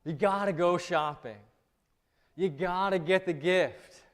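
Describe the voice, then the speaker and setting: A male pastor with a notably high voice delivers a sermon in a loose, joking, conversational manner. His words ring out with a long reverb from the church around him. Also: slow pace. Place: church sanctuary.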